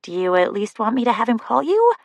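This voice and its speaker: A woman voicing a fond, gently teasing female friend in an audiobook. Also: on the high side, very animated, a little fast, no room sound, clean studio sound. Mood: hurried. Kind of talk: audiobook dialogue.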